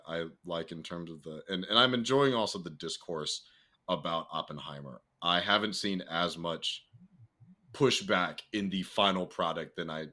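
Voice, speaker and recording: A young man co-hosting a casual podcast, talking freely with swearing and laughter, jumping into a high excited voice. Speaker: podcast co-host. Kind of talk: casual chat.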